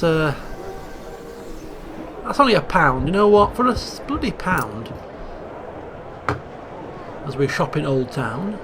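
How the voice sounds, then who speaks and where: Animated high-voiced gamer reading aloud. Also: male voice, noisy background. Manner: theatrical, chuckling, swings between hushed asides and loud exclaims. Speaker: let's play host. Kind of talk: reading game text aloud with playful commentary.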